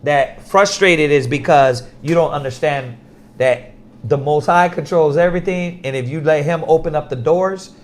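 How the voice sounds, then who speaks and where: A man with a fairly high voice gives casual religious teaching at a moderate pace, telling stories in an animated way. He laughs often and drops to a soft voice whenever he quotes people.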